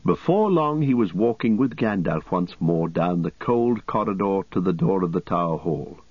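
A male narrator reading an audiobook in a low, husky voice at a steady, measured pace. The recording is dry and close, with a slightly dull sound. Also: no room sound. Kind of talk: scripted narration.

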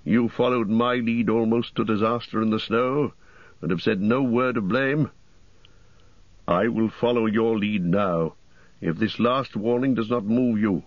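A man's voice: lowish voice, measured pace, dry recording, muffled recording. A man voicing a weary seasoned ranger. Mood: heavy.

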